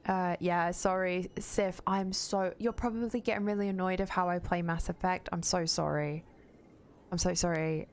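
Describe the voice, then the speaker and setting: A woman's voice: on the low side, fairly even intonation, moderate pace. A young woman streaming a game, chatting bluntly with viewers and swearing freely. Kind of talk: casual gaming stream chat.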